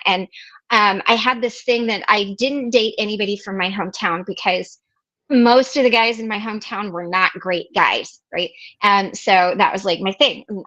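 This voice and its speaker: A woman's voice: medium pitch, sharp tone, lo-fi sound. Chatty woman telling a story on a call. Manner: chatty, acts out quoted voices, many fillers and restarts. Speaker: recovery meeting host. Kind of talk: casual storytelling.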